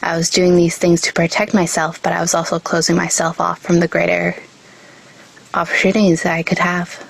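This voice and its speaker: Earnest young woman, low flat voice. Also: a little fast, vocal fry, rough recording. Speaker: award recipient. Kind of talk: prepared personal speech.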